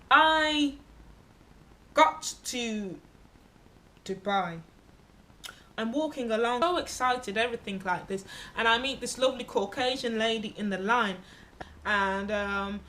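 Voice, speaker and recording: A travel vlogger with a bright, fairly high voice casually recounts a solo trip, speaking candidly and bluntly, swearing freely and acting out the people she met. Slight background noise is present.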